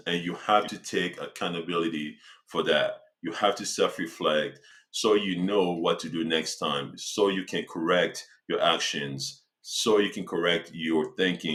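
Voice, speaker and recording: A young man giving a casual motivational talk to his viewers, slangy and conversational, slowing down to stress his points. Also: low-pitched, fairly bright tone. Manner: slangy, conversational, slows for emphasis. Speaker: self-help speaker.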